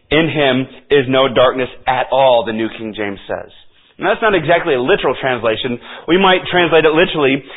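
A man preaching a sermon as pastor, emphatic and repeating key phrases for stress. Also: fairly high pitch. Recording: tinny phone-like audio.

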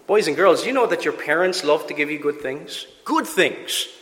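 A man's voice: on the high side, expressive, normal speed, a bit bright. A man preaching a sermon, emphatic and asking the congregation rhetorical questions. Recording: echoey church hall with long reverb.

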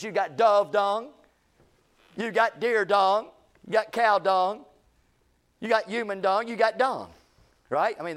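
A man's voice: sits high, a bit bright. A male pastor, telling a folksy story in a sermon to his church, with emphatic rises in his voice. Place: church sanctuary.

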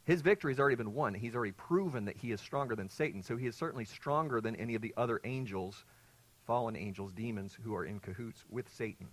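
A man preaching an expository sermon to his congregation, teaching earnestly, quizzing his listeners and surging louder on key points. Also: medium pitch, fast talker, low-quality recording. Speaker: pastor.

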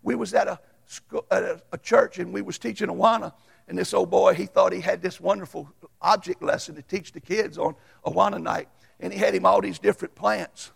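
A man preaching a sermon as a Baptist pastor, folksy and storytelling, swinging from loud to hushed. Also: high-pitched, fairly even intonation, brisk, vocal fry, breathy edge.

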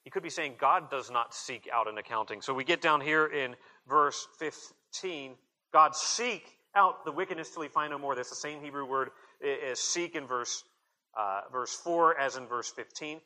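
A man's voice: medium pitch, moderate pace, sharp tone, rough recording. A man preaching an earnest expository sermon, reading scripture aloud and emphatically voicing quoted prayers. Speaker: pastor.

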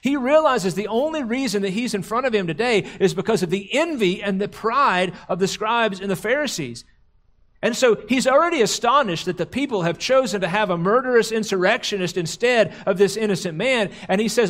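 A man preaching a sermon as a pastor, slowing down and dropping low to stress key words. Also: expressive, a bit bright. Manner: slows and drops low for emphasis, quotes crowd cries dramatically.

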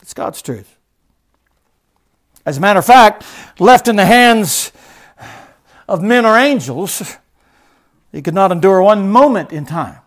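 High-voiced male pastor preaching emphatically. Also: animated, unhurried, pauses often. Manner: emphatic, swings between loud declaration and hushed stress; repetitive preaching cadence. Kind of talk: sermon.

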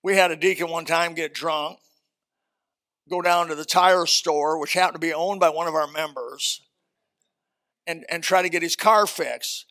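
A man preaching a sermon as pastor, animated and folksy, swinging from loud emphasis to quiet asides. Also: fairly high pitch, normal speed.

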